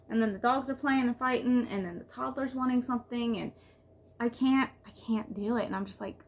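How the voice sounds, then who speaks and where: A woman with a slightly high voice, rambling and venting as she talks to her camera. She is a mother sharing everyday frustrations in loose, casual vlog talk full of "like.". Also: fairly quick. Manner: rambling, venting, heavy use of "like". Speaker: vlogger and mother.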